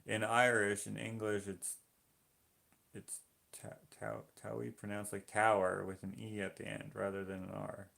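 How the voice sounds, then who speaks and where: Gravelly low-voiced man chatting on a live stream. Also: completely flat delivery, measured pace, a bit bright. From Canada. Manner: rambling, self-interrupting, easygoing. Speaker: finger painter streaming live. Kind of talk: casual live-stream chat, reading viewer comments aloud.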